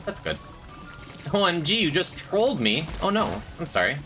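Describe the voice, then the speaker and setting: A man's voice: fairly high pitch, sing-song, moderate pace, pushed and bright. A man streaming a game, chatting with viewers in a dry, joking way. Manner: dry, joking, talks to chat. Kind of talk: casual gameplay commentary. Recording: faint music behind.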